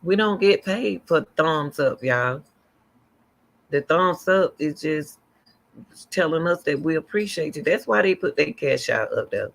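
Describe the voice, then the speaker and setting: A woman's voice: low-pitched, expressive, a little slow, vocal fry. A middle-aged woman hosting a livestream, chatting casually and rambling as she answers viewer comments aloud. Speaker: livestream host.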